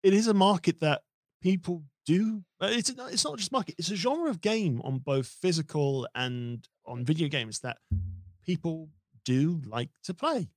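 A man hosting a casual streamed chat, animated and joking, often restarting his sentences. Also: a little high, measured pace, dry recording, studio quality. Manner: animated, hops into silly voices, many restarts. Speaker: host.

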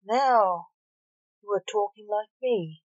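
A woman's voice: medium pitch, slow pace, a little mellow, dry recording, lightly acted. A woman voicing a cold, boastful young male sorcerer bent on vengeance, on a dull lo-fi recording.

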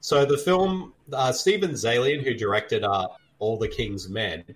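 A man's voice: mid-range voice, unhurried. A man co-hosting a podcast, chatting casually over a movie and sharing film trivia, laughing often. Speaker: podcast co-host. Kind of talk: casual movie commentary chat.

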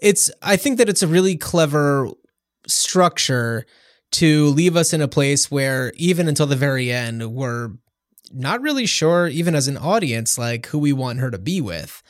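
A podcast co-host chats casually about a film, rambling with plenty of fillers and restarts. His slightly high voice is animated and at a normal pace, recorded cleanly in a studio with no echo.

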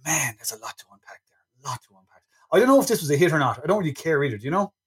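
A man's voice: a little high, sing-song, rapid-fire, a bit bright, husky. A man hosting a casual film review chat, good-humoured and rambling. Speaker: podcast host.

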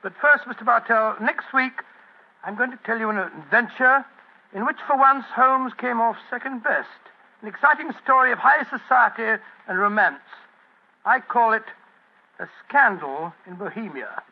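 A loyal, good-natured old doctor speaks in a very high, husky voice. He sounds eager and a bit flustered. It all comes through muffled, like a 1940s radio broadcast. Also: normal speed, full character voice. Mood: genial. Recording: dull lo-fi 1940s radio recording.

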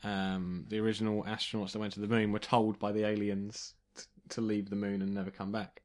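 A man with a fairly low voice talks on a casual podcast. He reads out claims plainly and earnestly to his co-hosts. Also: little pitch movement, a little fast, darkish tone. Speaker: podcast co-host reading sources.

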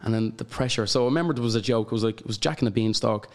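A young man with an Irish accent, a guest telling stories in an animated way and laughing often. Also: on the low side, rapid-fire. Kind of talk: casual chat.

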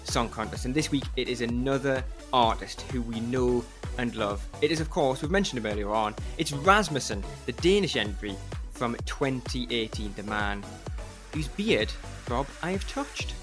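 Guy cohosting a podcast, chatty, laughs easy, mid pitch. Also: lively intonation, moderate pace, over music. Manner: chatty, laughs a lot while telling stories. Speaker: podcast co-host. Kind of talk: casual chat.

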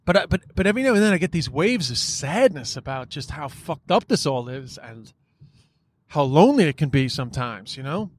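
A man's voice: on the high side, big pitch swings, a little fast. A man hosting a podcast, talking in a casual, frustrated monologue, swearing often and filling his speech with "like" and "you know.". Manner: frustrated, profane, many fillers.

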